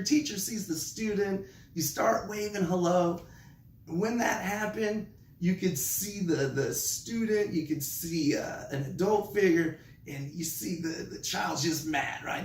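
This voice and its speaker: A man who teaches online, telling a story in a casual vlog with animated delivery. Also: a little high, echoey room, far from the mic, slight background noise. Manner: animated, acts out his classroom voice.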